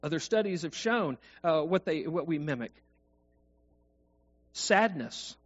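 A man's voice: a little high, animated, slow. A man preaching a sermon, talking conversationally and asking the congregation questions. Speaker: pastor. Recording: dull lo-fi recording.

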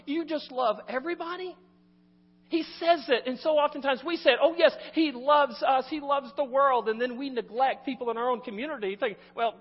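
High-voiced man preaching in a hall. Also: slightly rough. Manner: animated, swings between loud emphasis and quiet asides. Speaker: pastor. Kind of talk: sermon. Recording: muffled recording in a reverberant hall.

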